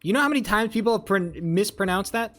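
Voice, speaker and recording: A man's voice: high voice, expressive, fast talker, fairly bright tone, soft background music. A young man chatting casually with his live-stream viewers, rambling, swearing and joking as he reads chat. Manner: rambling, profane, jokey, talks to chat.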